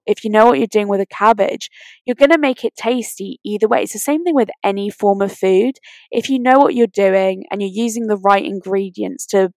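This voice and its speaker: A woman's voice: medium pitch, no room sound. A woman co-hosting a podcast, chatting casually and enthusiastically with lots of "you know". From Britain. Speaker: podcast co-host. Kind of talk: casual chat.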